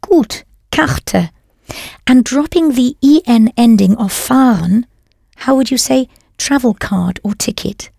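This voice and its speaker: A woman's voice: on the high side, slow pace, gravelly, a little mellow, no room sound, clean studio sound. A woman narrating a scripted audio language lesson, patiently prompting the learner and then confirming each answer. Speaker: language teacher.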